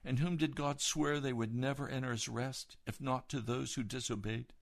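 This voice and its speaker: Gravelly male pastor preaching urgently. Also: mid-range voice, fairly even intonation, normal speed. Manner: urgent, exhorting, rising to stern emphasis. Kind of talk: fervent sermon.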